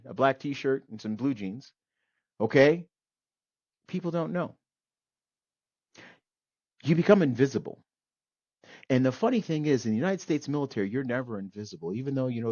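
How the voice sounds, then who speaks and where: A middle-aged man tells a story in a casual podcast chat. He talks in animated bursts and keeps checking in with "okay?" along the way. The recording is dry and a little dull. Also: mid-range voice, dry recording. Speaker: podcast host.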